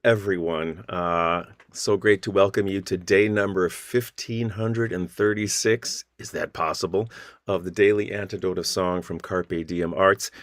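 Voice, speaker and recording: A man hosting an online song gathering over a video call, warmly greeting viewers by name and town. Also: deep voice, steady tone, a little slow, dry recording. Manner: friendly, reading out viewer names. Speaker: host. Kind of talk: online sing-along greeting.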